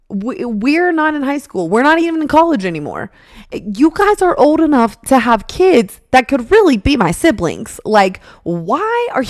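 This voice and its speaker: A young woman in her twenties, a podcast host telling a personal story in a casual, animated way, laughing often and acting out what people said. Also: on the high side, no echo, studio quality.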